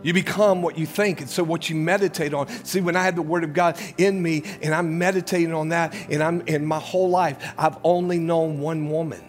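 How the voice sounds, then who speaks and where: High-pitched preaching pastor man. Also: fairly even intonation, a little fast, few pauses, faint music behind. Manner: emotional storytelling preacher, swings between loud and hushed. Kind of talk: sermon.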